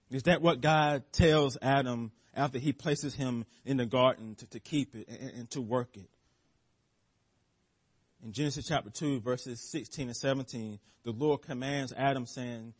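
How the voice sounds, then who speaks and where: A man's voice: mid-range voice, measured pace. A man preaching a sermon as pastor, stressing key words, repeating phrases for emphasis and often restarting words.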